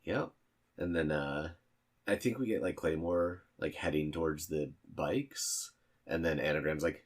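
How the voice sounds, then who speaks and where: A man's voice: very deep voice, unhurried. A man casually narrating scenes in an actual-play tabletop game, hesitant with many fillers.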